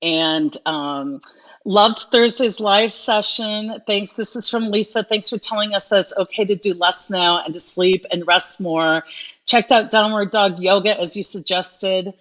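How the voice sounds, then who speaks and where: A woman's voice: medium pitch, a little slow, fairly bright tone. A middle-aged woman hosting a live stream, reading viewer questions and coaching in an earnest, encouraging way. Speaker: host.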